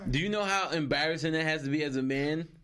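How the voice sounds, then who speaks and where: A man's voice: fairly high pitch, fast, a bit bright. A man co-hosting a podcast in casual chat. He teases, uses slang and laughs often. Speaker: podcast co-host. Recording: crowd noise behind the voice.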